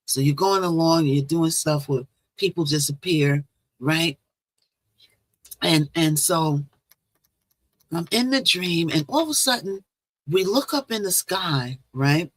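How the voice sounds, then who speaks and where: A woman's voice: sits low, lively intonation, unhurried, long pauses, no room sound. A woman hosting her own livestream, telling a long dream story in a rambling, chatty way and greeting viewers as she goes. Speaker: livestream host. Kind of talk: casual live-stream storytelling. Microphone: phone or laptop with Bluetooth.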